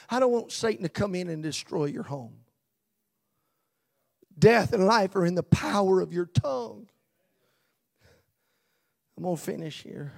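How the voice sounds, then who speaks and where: A man preaching a sermon as pastor, swinging from loud emphasis to hushed near-whispers and slowing down on key phrases. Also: a little high, gravelly.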